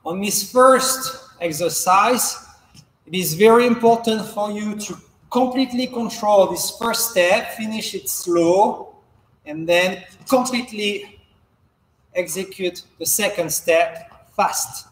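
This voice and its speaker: A man fencing coach leading a follow-along footwork class, giving calm, measured instructions and counting out drills as he moves. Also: sits high. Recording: echoey hall reverb.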